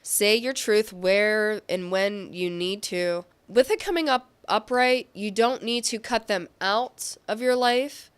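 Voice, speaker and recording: Taking it slowly yet with hardly any pauses, a woman reads tarot in a clear, resonant, medium-pitched voice. The reading is casual and loose, peppered with fillers as she keeps correcting herself.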